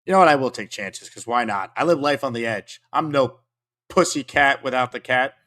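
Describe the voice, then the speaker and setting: A man hosting a talk show, teasing a caller in playful banter with a deadpan tone. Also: mid-range voice, moderate pace. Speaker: host.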